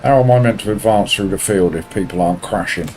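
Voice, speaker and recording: Portsmouth man, low-voiced racing banter. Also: fast, darkish tone, low-quality recording. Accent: Portsmouth English. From Portsmouth, England. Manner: dry, joking banter with chat. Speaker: sim racing streamer. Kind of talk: casual chat while racing. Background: faint car engine noise.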